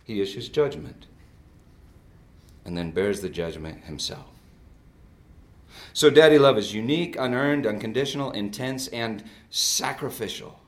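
A man in his fifties preaching a sermon and telling stories, swinging between loud outbursts and soft drops. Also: on the low side, animated, measured pace, pauses often. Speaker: pastor.

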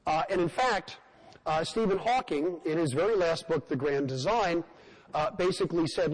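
A scientist giving a public lecture, speaking in a measured, emphatic way and posing rhetorical questions. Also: male voice, fairly high pitch, long reverb tail, poor audio.

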